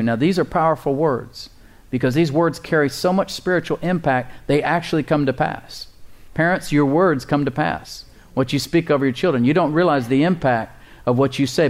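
A man's voice: fairly high pitch, moderate pace. A man preaching a sermon. He reads scripture aloud and breaks off into plain-spoken, folksy asides to his listeners. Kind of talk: sermon reading and explaining scripture.

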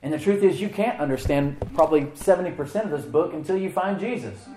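A middle-aged male pastor delivers a sermon in a relaxed, conversational way, often turning to the congregation with questions. His voice sits a little higher than most men's. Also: fast.

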